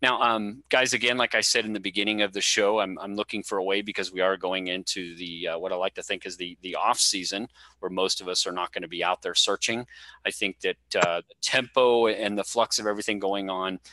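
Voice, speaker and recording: A man's voice: low voice, steady tone, a little fast, pushed and bright, no echo, rough recording. A man hosting a casual late-night talk show, rambling with many fillers and restarts. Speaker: podcast host.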